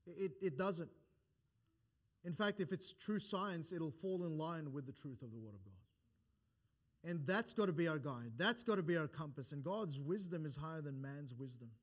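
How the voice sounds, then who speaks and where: This man's voice is fairly high with lively intonation and a moderate pace as he preaches a sermon in church. He raises his emphasis as he builds his points, quotes scripture in antiquated wording, and often restarts phrases and repeats words between points.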